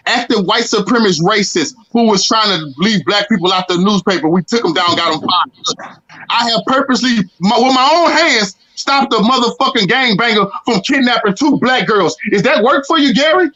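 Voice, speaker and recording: A man's voice: high voice, moderate pace, bright, forceful tone. A man from Texas, a panel guest, arguing in a confrontational, boastful way and repeating his opponent's name. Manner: confrontational, boastful, keeps hammering the other man's name. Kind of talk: heated panel argument. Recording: dull lo-fi audio.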